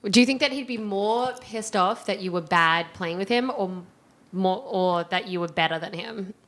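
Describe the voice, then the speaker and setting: A woman's voice: medium pitch, a bit bright. Quippy woman co-host. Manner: quick reactive quips and swearing. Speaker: podcast co-host. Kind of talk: casual chat.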